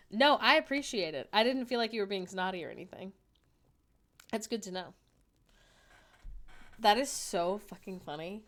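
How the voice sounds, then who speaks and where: A woman's voice: mid-range voice, expressive, a little slow, long pauses, fairly bright tone. A young woman chatting casually on a livestream from home, joking and laughing often at herself. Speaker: streamer. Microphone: desk microphone.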